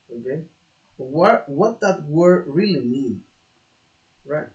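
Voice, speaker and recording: A man speaking English as a second language talks himself through study material at a slow, stop-start pace. He repeats words and lets out the odd curse when he gets stuck. His slightly high voice rings in an echoey room. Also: expressive, darkish tone. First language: not English. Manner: halting, repeats words, swears in frustration. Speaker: self-taught learner. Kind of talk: thinking aloud while studying.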